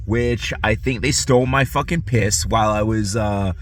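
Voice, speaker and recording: A man's voice: lowish voice, moderate pace. A man ranting casually to camera, profane and rambling, often restarting his sentences. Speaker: vlogger.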